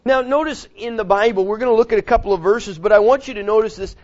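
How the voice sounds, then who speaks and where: A man with a high voice preaches a sermon, jumping from loud outbursts to near-murmurs. He acts out the voices of the people he quotes. The recording sounds dull and lo-fi. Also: fast talker. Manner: preaching with sudden loud rises and quiet drops. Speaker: pastor.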